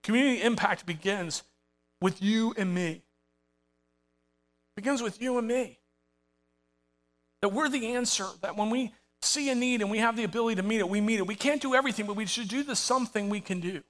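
A man's voice: high-pitched, fast, fairly bright tone. A middle-aged man preaching a sermon with passion, building to emphatic calls to his congregation. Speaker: pastor. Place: church sanctuary with live congregation.

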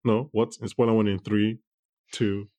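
Animated lower-voiced man chatting. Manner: animated, quick asides and restarts. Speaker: podcast co-host. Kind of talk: casual chat reviewing a TV show.

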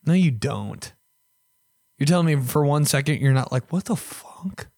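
A man's voice: on the high side, normal speed, no room sound, studio quality. A young man hosting a podcast, ranting casually with lots of swearing and mock voices. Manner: profane, animated, mock voices. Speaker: podcast host. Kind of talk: casual rant.

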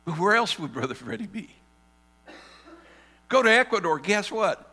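A male pastor preaching a sermon, telling the story dramatically and swinging between loud and hushed. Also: sits high, very animated, normal speed, husky, in a large hall. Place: church sanctuary.

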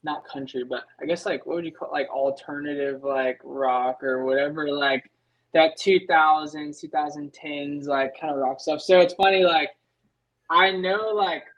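A young adult man, a motocross racer, telling stories as a podcast guest in an animated way, leaning on filler words. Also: fairly high pitch, normal speed, muffled recording. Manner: animated, leans on filler words, acts out his own past thoughts. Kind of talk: casual podcast storytelling.

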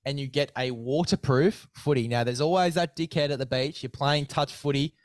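A man's voice: medium pitch, normal speed, no room sound. A young Australian man hosting a casual sports podcast, blokey and matey, hyping an ad read with banter. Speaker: podcast host.

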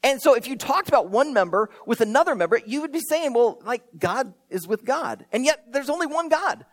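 Preacher, sermon, chatty and animated, pitch rises and falls a lot, rhetorical questions. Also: brisk. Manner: conversational, asks rhetorical questions, uses playful asides.

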